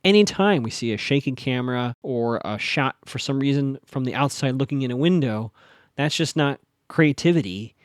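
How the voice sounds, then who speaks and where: A man hosting a solo podcast, chatting casually through an episode recap, theorizing and quickly acting out characters' lines. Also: mid-range voice, lively intonation, dry recording, studio quality.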